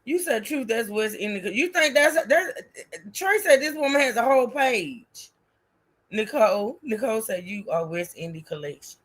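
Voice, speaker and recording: Animated, lively woman livestream co-host. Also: on the high side, moderate pace. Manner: animated, chatty, reacting to viewers. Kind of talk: casual commentary chat.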